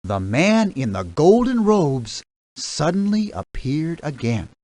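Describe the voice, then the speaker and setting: Woman narrator for a kids' storybook game; very slow, lively reading, dry close mic. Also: low-pitched, no room sound.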